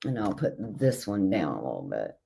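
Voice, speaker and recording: A woman's voice: extremely low pitch, huge pitch swings, normal speed, gravelly, mellow, a little hiss or hum. A woman hosting a casual livestream chat from home, reading out viewer comments and gushing over vintage jars. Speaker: livestream host.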